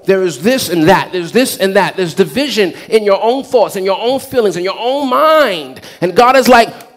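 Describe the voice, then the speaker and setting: A man with a high voice preaches a sermon to his church. He calls out questions to the crowd and climbs into loud, shouted lines. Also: lively intonation, normal speed, few pauses. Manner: preaching with rising shouts and call-and-response. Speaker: pastor.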